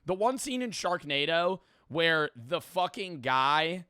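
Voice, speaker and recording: A young man casually reacting to a comedy video, rambling, animated and swearing freely. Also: on the high side, takes it slowly, clear, resonant tone, dry recording, clean studio sound.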